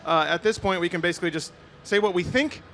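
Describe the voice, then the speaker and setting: A man co-hosting a live convention stream, bantering and joking quickly. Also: high voice, a bit bright, a little hiss or hum. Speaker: co-host. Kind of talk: casual live event chat.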